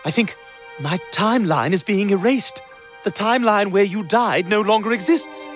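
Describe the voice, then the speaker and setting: A man's voice: sits high, moderate pace, faint music behind, natural voice. A man voicing a pompous, precocious male toddler with a clipped, haughty delivery. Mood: earnest.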